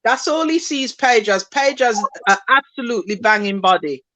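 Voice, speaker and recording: A woman talking bluntly and emphatically in a casual recap chat. Her voice sits somewhat high. The sound is dry and close. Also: lively intonation, normal speed, fairly bright tone, dry recording, low-quality recording. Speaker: co-host.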